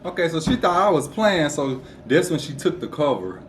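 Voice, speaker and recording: A calm man in his twenties telling a casual storytime alongside his partner. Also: fairly high pitch, normal speed, very noisy. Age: 20s. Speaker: vlogger.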